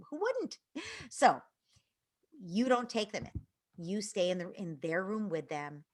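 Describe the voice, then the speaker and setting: A woman parenting expert answering audience questions in an earnest, explanatory way, dropping to soft whispers at times. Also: a little high.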